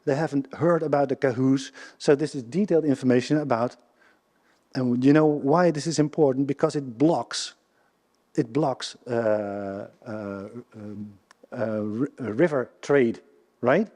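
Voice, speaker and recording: A man with a Dutch accent giving a public history lecture, speaking haltingly with many restarts and questions to the audience. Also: medium pitch, mellow. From Netherlands. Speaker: guest lecturer. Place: lecture hall before a live audience. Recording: reverberant lecture hall.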